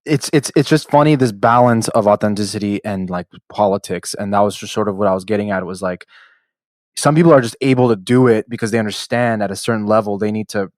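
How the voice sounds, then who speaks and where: A man's voice: fairly low pitch, quick pace, darkish tone, dry recording. A man co-hosting a podcast interview, musing aloud in a hesitant way and letting his sentences trail off. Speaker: podcast co-host.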